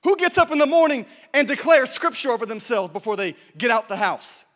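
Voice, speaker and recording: A man's voice: very high-pitched, a little fast. A man preaching a sermon, telling a story with jokes and lots of self-interruptions before moving to exhortation. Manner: animated, jokey, self-interrupting. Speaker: pastor. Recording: long hall reverb.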